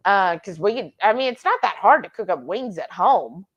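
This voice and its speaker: A woman's voice: mid-range voice, expressive, normal speed, dull audio. A woman co-hosting a live cooking stream, chatting casually and reading out viewer comments, often acting out her pets in silly voices. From Texas.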